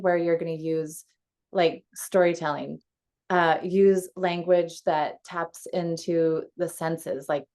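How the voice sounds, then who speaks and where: Her voice is lowish with a darkish tone as this woman coach runs a casual teaching call from home by video. She's chatty, laughs easily, and uses fillers often.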